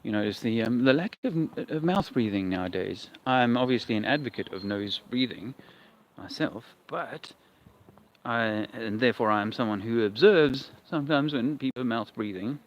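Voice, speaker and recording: A man's voice: medium pitch, animated, normal speed. A man chatting wryly and rambling as he livestreams on a walk outdoors. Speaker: livestream vlogger. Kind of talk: casual livestream chat while walking outdoors. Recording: dull lo-fi outdoor sound with faint noise.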